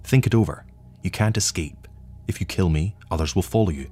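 A man voicing a calm, wry, menacing agent from the future who speaks in a measured, languid way. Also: deep voice. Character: cold patient male agent from the future, menacing.

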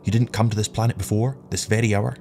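A man voicing a desperate, grasping aging ship captain who shouts and repeats himself insistently, with faint music behind. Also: on the low side, fairly even intonation, quick pace, gravelly, pitched above the performer's own voice. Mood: frantic.

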